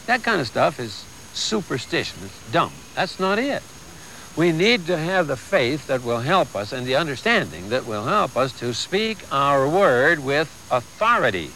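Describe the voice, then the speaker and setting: A man's voice: mid-range voice, a bit bright, a little hiss or hum, low-quality recording. An older man giving a conversational, folksy sermon with humor and asides.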